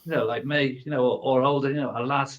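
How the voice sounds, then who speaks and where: A man's voice: medium pitch, steady tone, fast talker, muffled recording, slight background noise. A middle-aged man, chatting casually and stumbling through restarts. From England. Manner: rambling, hesitant, many restarts. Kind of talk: casual chat.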